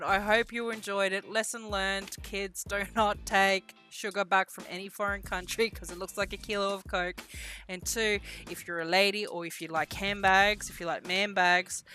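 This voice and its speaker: Bright-voiced woman telling a story. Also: mid-range voice. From Australia. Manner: animated, swears casually, self-mocking. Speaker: vlogger. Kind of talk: casual storytelling.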